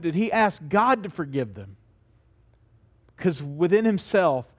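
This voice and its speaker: A man's voice: mid-range voice, muffled recording. A man preaching a sermon as pastor, speaking earnestly, asking his listeners questions and repeating phrases for emphasis.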